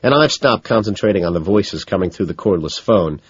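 A man narrating an audiobook in the first person, low-key and dejected. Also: expressive, a little fast, slightly rough, dry recording. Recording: dull lo-fi sound.

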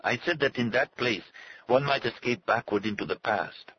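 A man's voice: mid-range voice, moderate pace, lo-fi sound, a little hiss or hum, voice pushed up, close to an everyday voice. A man voicing a sad, haughty native servant who speaks in formal, stately phrases. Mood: solemn. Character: solemn, haughty male native servant and guide. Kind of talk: audiobook character voice.

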